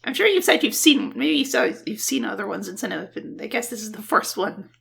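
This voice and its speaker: A man's voice: high-pitched, very animated, fast, gravelly, pushed and bright. A man co-hosting a podcast, chatting casually about films with a wry, joking manner. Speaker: podcast co-host. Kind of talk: casual film chat.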